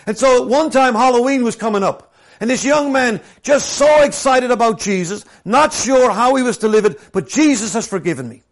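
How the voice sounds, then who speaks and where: A man preaching a sermon. He drops to hushed, slow scripture reading and then builds to loud, lively storytelling. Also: very high voice. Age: adult, former professional soccer player.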